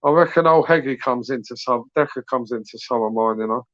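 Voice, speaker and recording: A British YouTube channel host with a slightly bright, medium-pitched voice talks fairly quickly during a late-night live stream. He rambles casually in slangy British English, swears freely, and tacks tag questions onto his sentences. The recording is muffled but has no echo.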